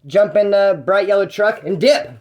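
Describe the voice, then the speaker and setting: A man's voice: high-pitched, moderate pace, darkish tone, muffled recording. A young man telling a story in a casual, slangy, rambling way, with restarts.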